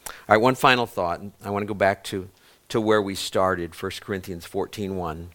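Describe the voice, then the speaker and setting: A man's voice: low-pitched, steady tone, normal speed, fairly bright tone. A man, a pastor, preaching a sermon to a congregation. He tells stories, restarts words mid-phrase, and puts questions to the listeners.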